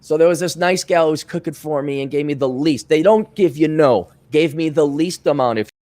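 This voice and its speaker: A man's voice: a little fast, no room sound. A man telling stories in casual chat, acting out quoted dialogue and swearing now and then. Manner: animated, acts out quoted dialogue with big pitch swings.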